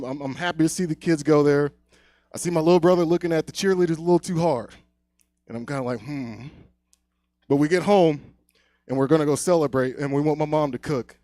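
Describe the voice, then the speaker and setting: A young man doing a stand-up set on a comedy club stage, telling a long story, often dropping to a hush, then getting loud again. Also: fairly high pitch, no echo. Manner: loose storytelling, swings loud and quiet.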